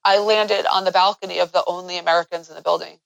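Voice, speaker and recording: A woman guest in an interview, telling a personal story in an earnest way that grows animated as she recounts events. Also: fairly low pitch, quick pace, vocal fry, no echo, low-quality recording.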